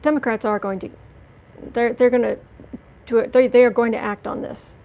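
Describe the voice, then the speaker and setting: A woman's voice: on the high side, fairly even intonation, moderate pace, lo-fi sound. Woman, tarot reader, livestream chat, indignant, emphatic, restarts. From United States.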